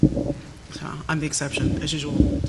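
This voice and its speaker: A woman systems administrator answering on a conference panel in a wry, unhurried way. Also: low voice, completely flat delivery, heavy background noise.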